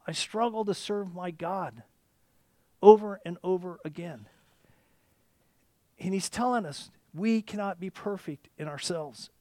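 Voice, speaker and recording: A man preaching a sermon, reading scripture aloud and speaking straight to the congregation, moving from impassioned cries to hushed near-whispers. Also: sits high, measured pace, pauses often, dry recording, studio quality.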